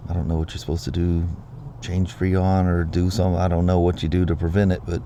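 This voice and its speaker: A man's voice: low-pitched, little pitch movement, fast talker, mellow, slight background noise. A middle-aged man hosting a vlog, telling stories in a rambling, easygoing way with plenty of restarts. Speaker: vlog host. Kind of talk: casual chat.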